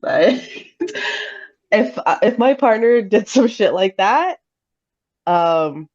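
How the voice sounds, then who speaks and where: Mom cohosting a chat podcast, blunt, laughs a lot, kinda dull dry sound. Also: female voice, mid-range voice, slow, no room sound. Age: adult parent. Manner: laughs often, blunt and animated. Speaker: podcast co-host. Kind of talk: casual chat.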